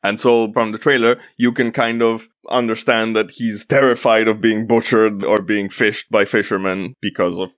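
A man's voice: lowish voice, steady tone, normal speed, few pauses, fairly bright tone, no room sound, studio quality. A man from Italy co-hosting a podcast, chatting casually, rambling and sidetracked, with lots of fillers. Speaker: podcast co-host.

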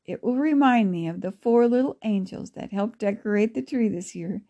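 A woman as a kindly, gentle grandmother. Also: mid-range voice, animated, normal speed, dull audio. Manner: gentle, encouraging. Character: kindly, warm-hearted grandmother.

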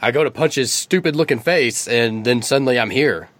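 A man's voice: mid-range voice, a little fast, a bit bright, no echo, lightly acted. A man voicing a living stone statue of a wrestling star, blustering and speaking of himself in the third person. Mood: indignant.

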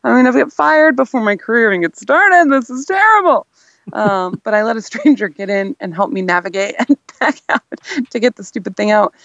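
A woman's voice: a little high, expressive, fairly quick, fairly bright tone, lo-fi sound. A young adult woman, a radio guest, telling a story in casual chat with lots of laughter.

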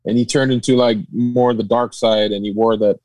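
A man's voice: mid-range voice, level tone, moderate pace, a little mellow, no room sound, low-quality recording. A man from Hawaii, a podcast guest, telling stories in a laid-back, slangy way with laughs. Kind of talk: casual podcast chat.

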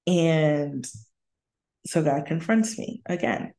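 A woman's voice: sits low, takes it slowly, pauses often, darkish tone. A woman hosting her own podcast from her apartment. She talks through her personal faith journey candidly and reflectively, breaking into laughter between thoughts. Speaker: podcast host. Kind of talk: casual faith-sharing monologue. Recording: roomy echo in a home room.

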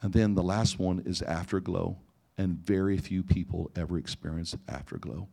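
Low-voiced man preaching a sermon. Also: fairly even intonation, normal speed, creaky, dark tone. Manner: storytelling, acting out dialogue, frequent restarts. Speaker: pastor. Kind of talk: sermon with personal stories.

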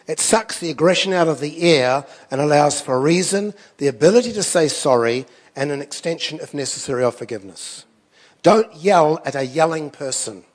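A pastor with a slightly high voice preaches a sermon, with a long reverb tail trailing his words. He tells stories conversationally and adds self-deprecating asides.

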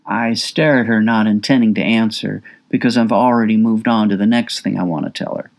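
A man's voice: on the low side, steady tone, brisk, creaky. A man narrating his own memoir as an audiobook, intimate and confessional, with raw emotion in his quoted words.

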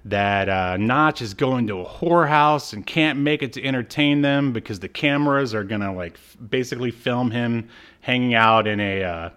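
A man's voice: mid-range voice, moderate pace, a bit bright, clear, resonant tone. A man casually recapping a show episode on a podcast, laughing as he retells it and acting out the characters' lines. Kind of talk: casual chat.

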